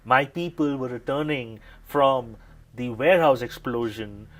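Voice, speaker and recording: A man voicing an irritated, foul-mouthed police lieutenant who barks and swears, then drops to a hushed, secretive tone. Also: little pitch movement, unhurried. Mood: angry. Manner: cursing, barking, then lowered conspiratorial tone. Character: gruff furious male police lieutenant, middle-aged.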